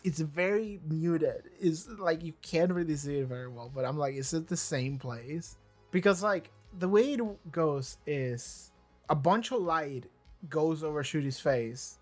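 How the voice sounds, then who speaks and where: An excitable reaction host rambles through casual commentary, tripping over restarts and swearing freely. The voice sits at a middling pitch, and faint music plays behind the talk. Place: seated in a chair.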